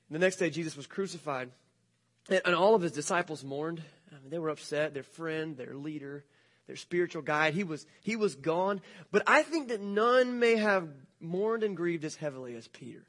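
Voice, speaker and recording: A high-voiced male pastor tells the story in a loose, joking, animated way. He speaks to a church congregation that includes children. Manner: casual, jokey, animated retelling. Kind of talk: sermon storytelling.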